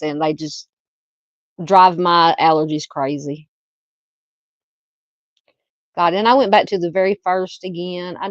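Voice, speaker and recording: A woman's voice: on the low side, no room sound, muffled recording. A woman with a Southern American accent hosting a casual livestream, chatting and reading out viewer comments. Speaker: livestream host. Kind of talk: casual live-chat.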